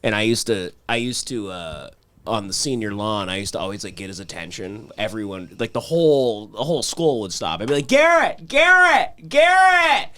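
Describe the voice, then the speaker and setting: Young dude rambling thru a funny story, lots of likes, voice swings up and down. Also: male voice, fairly low pitch, lively intonation, fairly quick. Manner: loose rambling storytelling with fillers. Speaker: podcast co-host. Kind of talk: casual comedic chat.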